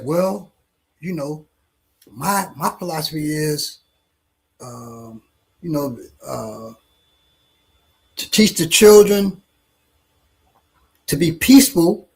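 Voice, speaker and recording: A man with a husky voice, pitched somewhat high, tells a story to friends at an easy pace. He stops and restarts his sentences often, repeating words as he thinks. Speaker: martial arts instructor. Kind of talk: casual storytelling in a panel discussion.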